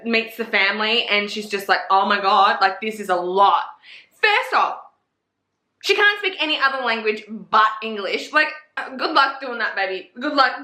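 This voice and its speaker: A young Australian woman with an Australian accent, chatting casually and profanely about books to camera, animated and gossipy. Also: mid-range voice, reverberant. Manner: profane, gossipy and animated, acting out her own reactions. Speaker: book reviewer. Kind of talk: casual book chat to camera.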